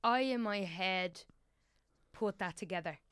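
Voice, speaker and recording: A woman's voice: mid-range voice, a little slow, fairly bright tone, clean tone, no echo, studio quality. A young Irish woman chatting casually as a podcast guest, rambling with many fillers and restarts.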